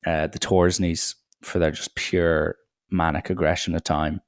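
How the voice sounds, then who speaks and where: Deep gravelly man rambling. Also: flat delivery, unhurried, dry recording, clean studio sound. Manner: rambling, irreverent banter with swearing. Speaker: podcast host. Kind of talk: solo podcast monologue.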